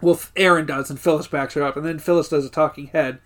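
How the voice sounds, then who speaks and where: A man's voice: a little high, fast talker. A man co-hosting a podcast, recapping episodes in casual chat and acting out scene quotes as he goes. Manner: animated retelling, quoting scenes with laughs. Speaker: podcast co-host.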